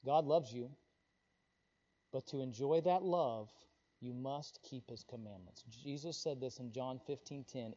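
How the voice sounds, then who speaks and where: A man preaching a sermon with fervent emphasis, dropping to a hush and then rising loud. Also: mid-range voice, measured pace. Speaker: pastor. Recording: dull lo-fi recording.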